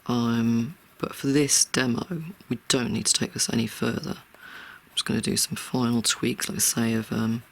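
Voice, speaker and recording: An art tutor talking through a real-time drawing tutorial in a soft, often half-whispered, reassuring way. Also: mid-range voice, little pitch movement, normal speed, creaky, few pauses.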